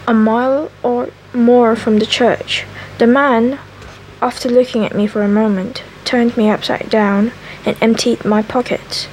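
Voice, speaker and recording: Slow soft-voiced woman reading ASMR. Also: a little high, slight background noise, low-quality recording. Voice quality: scraggly, slightly raspy. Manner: slow, careful reading with frequent self-corrections. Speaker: ASMR reader.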